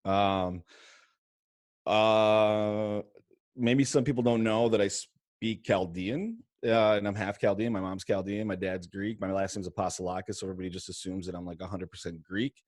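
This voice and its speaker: A mortgage lender chatting casually in an interview on a video call from his home podcast studio, quick and loose with lots of fillers and restarts. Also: fairly low pitch, steady tone, a little mellow, no echo.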